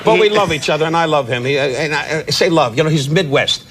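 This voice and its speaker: A man's voice: a little high, fairly bright tone. A man, a guest on a talk show telling comic stories, teasing and restarting his words as he goes. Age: 80s. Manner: quick-witted insult comic, stammering restarts, teasing. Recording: TV studio with audience noise.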